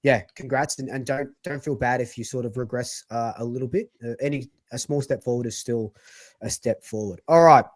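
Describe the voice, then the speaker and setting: A man's voice: medium pitch, fairly quick, no room sound. Easygoing man in a dry, close sound. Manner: loose, swearing, encouraging. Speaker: co-host. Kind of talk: casual panel chat.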